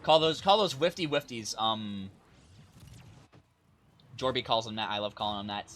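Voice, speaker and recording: A man's voice: on the low side, animated, normal speed, long pauses, fairly bright tone. A young man casting an online car soccer match live from his home stream setup, chatty and self-deprecating, calling plays between asides. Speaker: esports caster. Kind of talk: casual game commentary. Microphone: desk mic with face cam.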